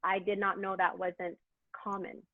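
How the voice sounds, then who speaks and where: A woman guest telling her story in a lively, emotional, casual way during an interview. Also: mid-range voice, no echo. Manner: lively, emotional, quick asides. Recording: tinny phone line.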